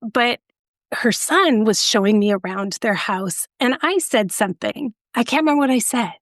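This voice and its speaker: A woman's voice: on the high side, lively intonation, normal speed, dry recording, studio quality. A middle-aged woman, a podcast guest, telling a rambling, self-deprecating story in casual conversation.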